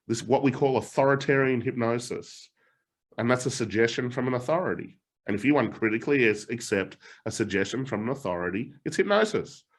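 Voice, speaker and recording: A man's voice: medium pitch, fairly quick. A middle-aged man coaching a live online challenge, telling personal stories with frequent laughs and casual swearing. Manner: animated storytelling, laughs often, swears casually. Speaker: motivational coach.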